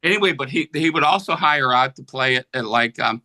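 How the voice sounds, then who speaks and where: A man's voice: medium pitch, expressive, brisk, sharp tone, low-quality recording. A man in his seventies from Pennsylvania, a guest musician telling rambling anecdotes in a casual interview. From Pennsylvania, USA. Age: 70s. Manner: rambling anecdotes, acts out voices in quotes.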